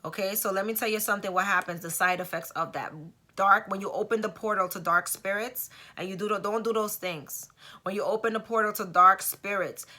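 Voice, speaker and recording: A woman telling a personal story in a casual, emphatic way, often pausing for rhetorical asides. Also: medium pitch, steady tone, sharp tone. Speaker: vlogger.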